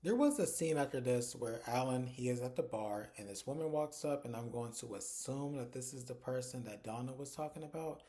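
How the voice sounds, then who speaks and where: A man's voice: medium pitch, brisk, hardly any pauses, dark tone. A man giving a casual, chatty recap of a TV episode, stringing the events together with "and so" and "like". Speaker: TV episode reviewer.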